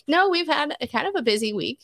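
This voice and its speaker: An easygoing woman chats on a couple's podcast. She speaks slowly and giggles often, with a lively, swinging pitch. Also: creaky. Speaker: podcast co-host. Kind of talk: casual chat.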